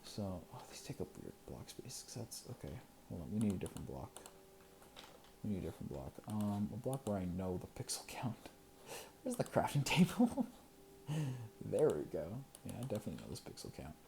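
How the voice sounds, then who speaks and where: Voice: low-pitched, lively intonation, brisk, creaky, dark tone, slight background noise. A creator talking casually to themselves over gameplay, counting under their breath, chuckling and dropping into whispers now and then. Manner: muttering and counting to self, chuckling, sometimes whispering.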